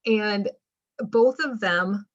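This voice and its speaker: A woman hosting a casual interview who often restarts her questions and fills pauses with "you know.". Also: medium pitch, dull audio. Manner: hesitant, restarts questions with fillers. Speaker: interviewer host.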